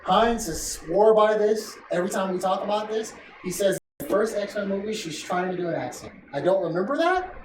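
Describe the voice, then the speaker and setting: Excitable, profane man on an echoey podcast. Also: sits high, a little fast, few pauses. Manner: profane, excitable, quotes people in voices. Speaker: podcast host. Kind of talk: casual chat. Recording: echoey room, distant mic, noisy.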